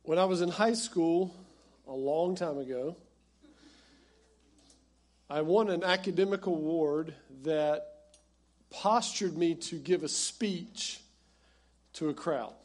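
A pastor preaching a conversational, animated sermon that speaks straight to his congregation. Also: a little high, slow pace, pauses often.

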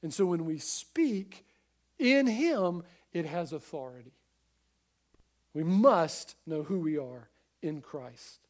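A male pastor preaching a sermon in an earnest, emphatic way, speaking straight to listeners at home and swinging between quiet and loud. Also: fairly high pitch, expressive, slow. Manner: addresses listeners at home directly.

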